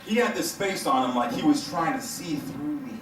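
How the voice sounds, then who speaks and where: A man doing stand-up comedy to a live crowd, telling a story in an animated, profane way and laughing through his lines. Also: on the high side, normal speed, slight background noise. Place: hotel event room stage. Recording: echoey room, mic heard from a distance.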